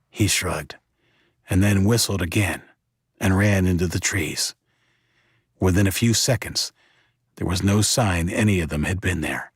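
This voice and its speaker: A man narrating a first-person audiobook in a plain, steady storytelling voice. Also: sits low, unhurried, long pauses, husky, no echo, clean studio sound.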